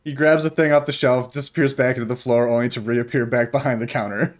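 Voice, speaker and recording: A man's voice: mid-range voice, steady tone, fast. A young man narrating as game master in a casual tabletop session, rambling loosely with fillers.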